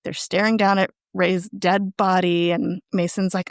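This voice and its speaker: A woman's voice: lowish voice, a little slow, hardly any pauses, no echo, studio quality. A woman co-hosting a podcast, casually retelling an episode's plot and acting out the characters' lines. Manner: animated retelling with quoted lines. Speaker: podcast co-host recapping an episode. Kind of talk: casual recap chat.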